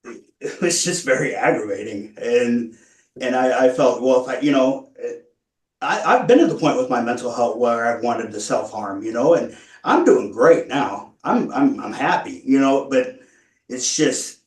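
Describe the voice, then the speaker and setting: A man speaking at a parole hearing, earnest and halting, stumbling through many restarts as he explains himself. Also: mid-range voice, lively intonation. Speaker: parole applicant. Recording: echoey room, far from mic.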